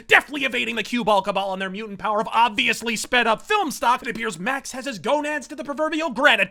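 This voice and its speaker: A man's voice: very high-pitched, fast, few pauses, bright, forceful tone. A man hosting a comedic film review, ranting profanely and sarcastically.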